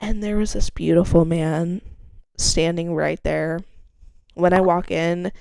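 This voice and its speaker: Young woman, casual podcast host, rambling animated storytelling, slightly low voice, smooth clear tone. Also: slow, dry recording. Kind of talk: casual solo chat.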